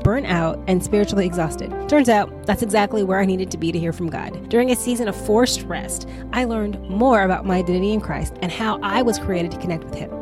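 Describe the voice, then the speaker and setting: A woman hosting a faith podcast, talking in an earnest, conversational, animated way to her listeners. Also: mid-range voice. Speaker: podcast host.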